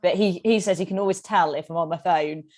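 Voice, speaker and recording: A woman's voice: on the low side, fast talker. Giggly woman telling cycling stories. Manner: giggly, animated, often laughs mid-sentence. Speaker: podcast guest, tandem cyclist. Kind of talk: casual storytelling.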